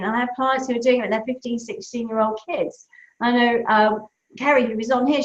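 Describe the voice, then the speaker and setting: Woman, breakup coach, animated advice talk, fairly high voice, echoey lo-fi room. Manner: animated, storytelling with acted-out voices. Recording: echoey room, dull lo-fi sound.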